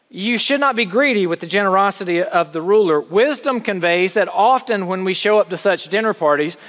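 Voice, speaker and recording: A man's voice: sits high, fairly bright tone. Man preaching in a reverberant hall. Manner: earnest, explanatory preaching with light humor. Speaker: pastor. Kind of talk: sermon. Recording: long reverb of a large hall.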